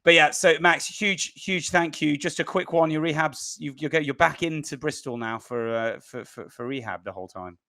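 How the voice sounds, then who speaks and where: A man's voice: a little high, normal speed, hardly any pauses, pushed and bright. A man hosting a casual rugby podcast, chatty and prompting his guests with questions, often restarting his sentences. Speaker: podcast host.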